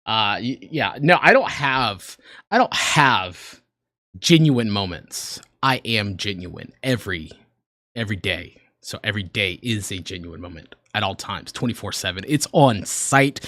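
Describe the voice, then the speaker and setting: On a dry recording, a lowish, somewhat bright voice comes from an American man around his twenties reacting to videos on stream. He speaks casually and earnestly, occasionally rambling and at times emotional.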